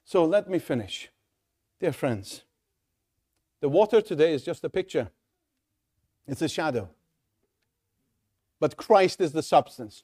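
Male preacher, slightly higher voice, urgent pleading sermon full of rhetorical questions. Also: darkish tone. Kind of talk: evangelistic sermon.

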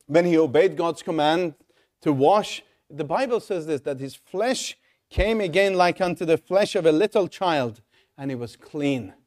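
A man's voice: a little high, a little mellow. Urgent, pleading male preacher. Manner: urgent, pleading, rhetorical questions. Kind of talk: evangelistic sermon.

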